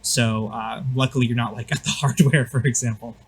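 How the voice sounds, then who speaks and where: A man's voice: mid-range voice, fairly even intonation, brisk, creaky, breathy edge, low-quality recording. A man narrating a tabletop game as game master in a loose, filler-heavy way.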